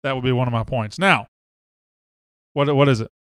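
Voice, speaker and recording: A man's voice: medium pitch, moderate pace, a bit bright, clean tone, dry recording, clean studio sound. A man, hosting a casual live sports talk show and greeting viewers by name and hometown. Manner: chatty, reads out viewer names and hometowns.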